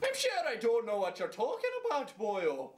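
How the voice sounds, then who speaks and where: A man's voice: high-pitched, huge pitch swings, soft background music, pitched above the performer's own voice. A man voicing a flippant stereotyped Irish man in a parody sketch, with an overdone fake Irish accent. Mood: dismissive. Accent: exaggerated fake Irish accent. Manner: dodges questions, breaks into a slow sentimental song.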